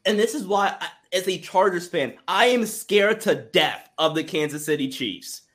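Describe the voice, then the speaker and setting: Excitable guy rambling about football, kinda high voice, keeps restarting. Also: moderate pace. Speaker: co-host. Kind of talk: casual sports talk.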